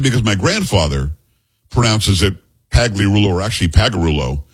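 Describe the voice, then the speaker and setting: Lively husky-voiced male radio host. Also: lowish voice, a little fast. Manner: animated storyteller, jokey asides. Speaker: radio talk show host. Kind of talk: casual radio banter.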